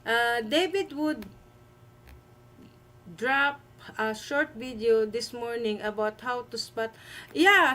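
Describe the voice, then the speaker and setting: Woman host, high voice, slow emphatic delivery, light noise behind. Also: a bit bright, rough recording. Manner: emphatic, repeats herself, halting with fillers. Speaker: livestream host. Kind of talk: live-stream commentary.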